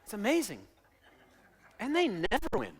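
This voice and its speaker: A man preaching a sermon as pastor, dramatic, acting out quotes and swinging from loud shouting to hushed asides. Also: high voice, huge pitch swings, moderate pace.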